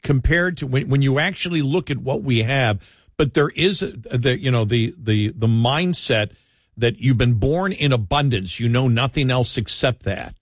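A man's voice: mid-range voice, moderate pace, dry recording, clean studio sound. Rambling, reflective man in casual chat. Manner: rambling, reflective, with many restarts.

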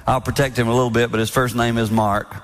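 Older man, 60s, mid-pitched, animated sermon storyteller, big hall reverb. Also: quick pace, slight background noise. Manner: animated storytelling with mimicked voices. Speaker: speaker at a marriage event. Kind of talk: sermon-style talk on marriage.

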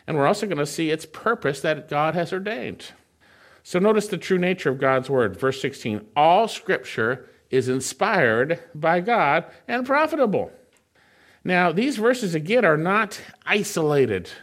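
Preacher man, fairly high voice. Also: big pitch swings, fairly bright tone. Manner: reads scripture slowly, then explains in a conversational way. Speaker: pastor. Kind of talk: sermon.

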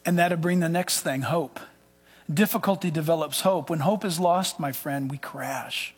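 A man preaching a sermon as a pastor, emphatic, swinging between loud declarations and hushed asides. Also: fairly high pitch, normal speed, breathy edge, soft background music. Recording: long hall reverb.

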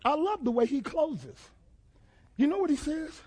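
A male pastor preaching a sermon, quizzing the congregation and building to emphatic shouts. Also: very high voice, sing-song, normal speed, long pauses. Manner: call-and-response questions to the congregation, emphatic shouted build-ups.

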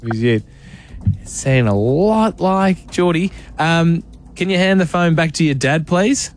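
A playful Australian man hosting a radio segment, joking and teasing a caller. His voice sits a little high for a man, with soft music faintly behind. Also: lively intonation, unhurried. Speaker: radio host. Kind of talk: breakfast radio banter.

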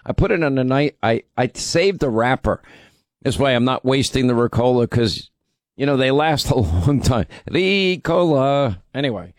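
A man hosting a radio talk show, hoarse from talking too much, rambling and restarting his sentences. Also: mid-range voice, lively intonation, normal speed, dry recording. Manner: rambling, self-interrupting, stammers on restarts. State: hoarse, strained voice from overuse. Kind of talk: casual talk radio monologue.

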